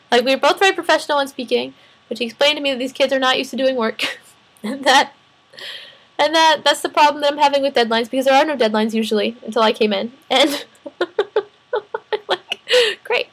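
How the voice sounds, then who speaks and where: A young woman in her twenties, a student teacher, talking through her week in a rambling, animated vlog, sounding tired. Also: sits high, moderate pace, pauses often, poor audio. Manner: rambling, animated, restarts and laughs often. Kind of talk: casual personal vlog venting.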